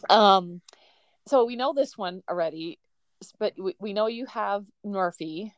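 A woman's voice: medium pitch, a little slow, no room sound. A woman hosting a podcast, chatting casually, asking her guest questions and laughing often. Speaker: podcast host. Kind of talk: casual interview chat.

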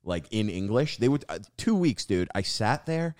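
A man's voice: on the low side, sing-song, moderate pace, darkish tone, dry recording, studio quality. A young man, a guest comedian, telling a long story on a podcast in a casual, profane way and saying "dude" constantly.

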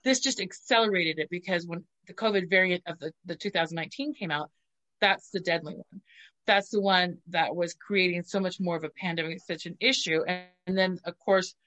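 A woman in casual chat, telling crude, animated stories and acting out what people said. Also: on the low side, fairly quick. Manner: crude, animated storytelling with voiced quotes.

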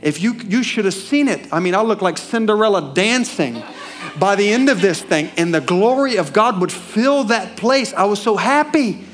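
A middle-aged man preaching a sermon, telling a personal story and building to loud, fervent peaks. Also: sits high, lively intonation, moderate pace.

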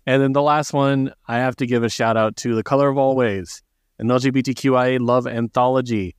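A man's voice: medium pitch, steady tone, brisk, clean tone, no room sound, studio quality. A man hosting a podcast, friendly and upbeat as he wraps up the episode. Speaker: podcast host. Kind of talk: casual podcast chat.

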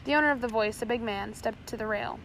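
A woman's voice: fairly high pitch, fast, a bit bright, a little hiss or hum, rough recording. A woman narrating an adventure story aloud, reading steadily with occasional slips and restarts.

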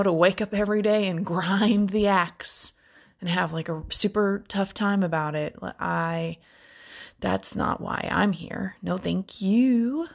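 A woman's voice: mid-range voice, vocal fry, slightly rough. A young woman hosting a casual solo podcast from her kitchen, candid and rambling, laughing often and saying "like" a lot. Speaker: podcast host. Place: home kitchen.

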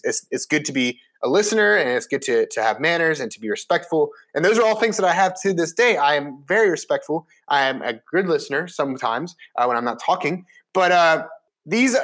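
A man in his twenties telling a casual personal story, chatty and animated with many fillers and restarts. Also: high voice. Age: 20s.

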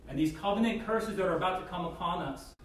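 A man's voice: high voice, fast. A man giving a casual Bible teaching, talking conversationally with many "like" and "right?" asides. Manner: acts out voices in quotes. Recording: very echoey room, distant mic, faint noise.

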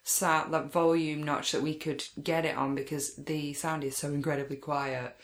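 Low-voiced giggly woman. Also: level tone, moderate pace, roomy sound. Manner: giggly, amused. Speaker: podcast co-host. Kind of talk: casual film discussion.

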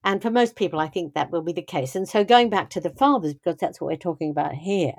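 An older woman speaks in a warm, mellow voice, recorded dry and close. She tells her stories thoughtfully, circling back with restarts and "you know" as she talks about raising children. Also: lowish voice, expressive, fast, dry recording. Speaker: guest speaking on parenting. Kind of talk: reflective conversational storytelling.

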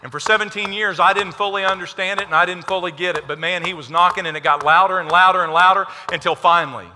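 A man preaching a sermon as a pastor, impassioned, swinging between loud declarations and hushed prayer. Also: sits high, fairly even intonation, fast talker, big-room sound, noisy background. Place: church sanctuary.

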